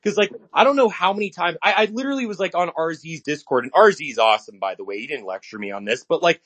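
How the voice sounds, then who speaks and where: A man's voice: a little high, lively intonation, quick pace, fairly bright tone. A man co-hosting a casual podcast, ranting in a heated, blunt way.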